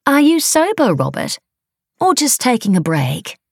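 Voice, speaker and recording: A woman voicing a brash woman producer, the talk show host's wife, in a higher, eager voice. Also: huge pitch swings, measured pace, husky, no echo, clean studio sound, exaggerated voice.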